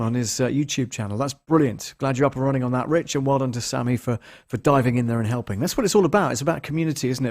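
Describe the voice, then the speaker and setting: A man's voice: medium pitch, a little mellow. Chatty man hosting a live stream. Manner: chatty and rambling, greets viewers by name, many ums. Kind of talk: casual live stream chat. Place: bare apartment lounge. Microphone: large studio microphone, moved around at times.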